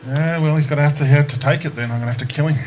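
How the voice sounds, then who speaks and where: Quick-talking man asking game questions. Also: fairly high pitch, darkish tone, highs cut off, a little hiss or hum. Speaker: player. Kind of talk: casual tabletop game chat.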